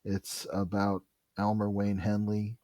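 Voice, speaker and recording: A podcast co-host in his forties with a dry, wry sense of humor, chatting casually and trailing off softly. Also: fairly low pitch, monotone, slow, dry recording. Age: 40s. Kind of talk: casual chat.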